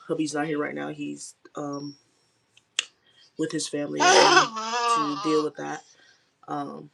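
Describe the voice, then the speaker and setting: A woman's voice: low-pitched, creaky, background noise. A young woman hosting a live stream, chatting candidly with viewers in a rambling way with lots of fillers. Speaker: livestream host. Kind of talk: casual live chat with viewers.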